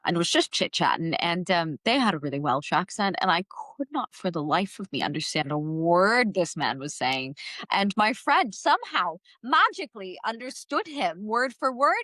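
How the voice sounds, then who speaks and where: A young woman in her late twenties talks as a podcast guest. Her voice sits on the lower side, and she chats in a loose, lively way, full of "like" and quick asides. The sound is dry and close, with no room echo. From California. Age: 20s. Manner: chatty, animated, many fillers and likes. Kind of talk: casual conversation.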